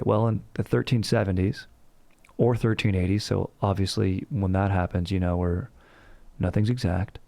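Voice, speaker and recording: A man's voice: on the low side, steady tone, a little slow, gravelly, pauses often, a little mellow, no room sound. A man hosting a casual comedic history show, rambling and slangy, cursing freely. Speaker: history podcast host.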